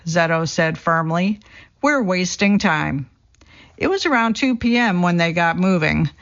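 A gravelly, fry-edged voice reads a true story as scripted narration, keeping a steady storytelling pace and folding the quotes into the same delivery. The recording sounds dull and lo-fi. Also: mid-range voice. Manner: steady storytelling read, quoting people in the same voice.

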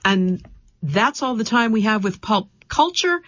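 A radio reading service host reads a printed interview aloud, questions and answers alike. The delivery is even and measured. The sound is muffled and lo-fi, and the booth is dry. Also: medium pitch, no echo. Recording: dull lo-fi dry studio sound.

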